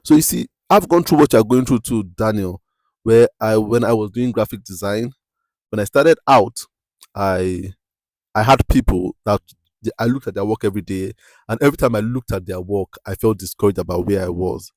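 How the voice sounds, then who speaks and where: A young adult man hosting a podcast, talking in an emphatic, preachy way and often asking "you understand?", with his voice climbing high when he presses a point. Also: moderate pace, darkish tone, no room sound, clean studio sound. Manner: rises sharply in pitch when stressing a point. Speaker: podcast host. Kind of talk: motivational podcast monologue.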